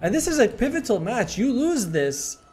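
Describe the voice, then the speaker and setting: A man's voice: very high-pitched, sing-song, normal speed, a little mellow. A man giving live color commentary on an esports match, explaining plays in a chatty way and joking with his partner. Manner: chatty, explains, jokes along. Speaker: esports co-caster.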